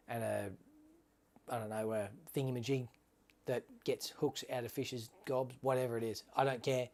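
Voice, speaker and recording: A man hosting a casual livestream giveaway, talking to viewers in a chatty, upbeat way and calling them mate. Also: medium pitch. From Australia. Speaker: livestream host.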